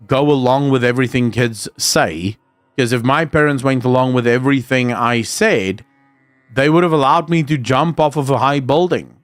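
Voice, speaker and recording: A man's voice: medium pitch, clean tone, dry recording. A man from Africa, talking bluntly and rambling with frequent restarts in casual commentary. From South Africa. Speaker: streamer host.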